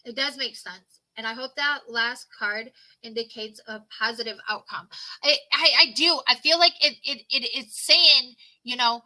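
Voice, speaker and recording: Woman, tarot reader on a livestream; high, piercingly bright voice; earnest and rambling, laptop mic. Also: rough recording. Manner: earnest, rambling advice with restarts and repetitions; reads card meanings slowly then talks to viewers. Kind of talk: casual livestream tarot reading.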